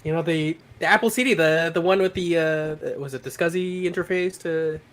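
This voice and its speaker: A man from Quebec, a guest on a livestream, chatting casually over a video call in an animated way that trails off mid-sentence. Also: fairly high pitch, normal speed. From Quebec, Canada. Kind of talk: casual group chat.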